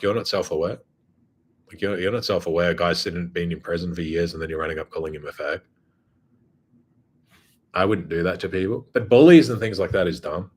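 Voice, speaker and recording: A man's voice: sits low, slightly rough. A man hosting his own show, talking in a blunt, profane, casual monologue. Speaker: host.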